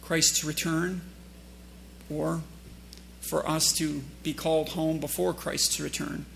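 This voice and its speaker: A man's voice: on the high side, level tone, slow pace, gravelly, fairly bright tone, slight background noise. A man preaching a sermon in a church. He reads scripture aloud, asks the congregation questions and makes joking asides.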